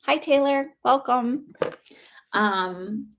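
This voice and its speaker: A woman's voice: a little high, extremely slow, vocal fry. A middle-aged woman talking casually on a live stream as a spiritual teacher, earnest and reassuring, rambling with fillers and restarts. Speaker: spiritual teacher and psychic reader.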